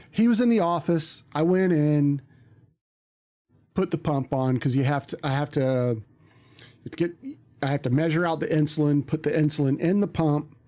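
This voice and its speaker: A man's voice: fairly high pitch, creaky, dark tone. A man, a streamer, telling a story in casual chat, rambling with many ums and restarts.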